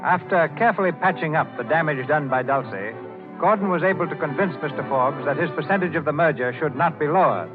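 A man narrating a 1930s radio drama in a measured, formal style. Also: on the high side. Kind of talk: scripted narration. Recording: tinny old radio broadcast over music.

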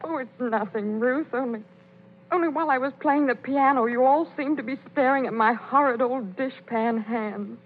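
A tearful, self-conscious young housewife, voiced by an actress, who speaks in a high, choked voice. The sound is thin and tinny, like an old radio broadcast. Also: female voice, normal speed, a little hiss or hum, lightly acted. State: crying. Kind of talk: 1930s radio ad acting.

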